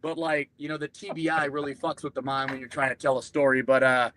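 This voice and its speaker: A man's voice: mid-range voice, steady tone, fast talker, a bit bright, a little hiss or hum. A man, a veteran guest, telling profane, joking stories in a casual chat.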